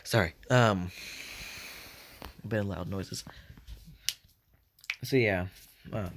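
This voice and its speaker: A man's voice: on the low side, slow pace, pauses often, a bit bright, a little hiss or hum. A man casually retelling a fan story, hesitant and full of fillers and self-corrections.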